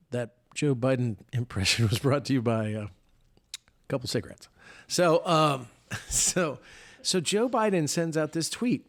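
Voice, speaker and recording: A man's voice: medium pitch, measured pace. A man, a former senator co-hosting a political talk podcast, speaking conversationally with frequent restarts.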